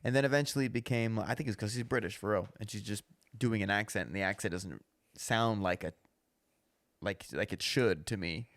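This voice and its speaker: A young man co-hosting a comedy podcast, joking casually and slipping into slow dramatic quotes. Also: on the low side, a bit bright, no echo, studio quality.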